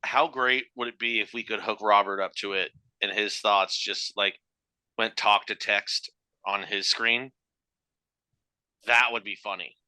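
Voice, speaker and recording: A man's voice: on the low side, fairly even intonation, a little slow, pushed and bright, no room sound. A man co-hosting a podcast in casual chat, cracking crude jokes. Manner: joking, crude humor, laughs. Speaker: podcast co-host.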